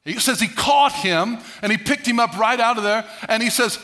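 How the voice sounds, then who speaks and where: Male pastor, sermon delivery, high voice with a bright edge, dramatic shifts from booming to hushed. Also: moderate pace, few pauses. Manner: emphatic, swings between loud declarations and hushed asides.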